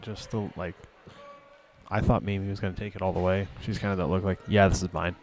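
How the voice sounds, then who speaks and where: Laid-back color man, deep voice, chatty and casual. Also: a little fast, background noise. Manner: relaxed, chatty, lots of "you know" and "like". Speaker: color commentator. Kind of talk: casual game commentary.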